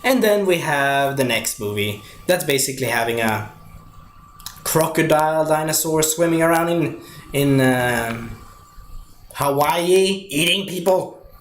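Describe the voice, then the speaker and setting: Rambling man reviewing a movie, slightly high voice. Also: animated, unhurried. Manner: rambling, with many fillers and restarts. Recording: echoey room with faint noise.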